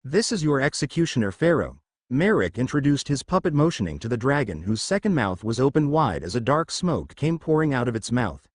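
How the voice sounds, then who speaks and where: A man narrating a fan fiction story with expressive storytelling. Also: medium pitch, a little fast, few pauses, dry recording, clean studio sound.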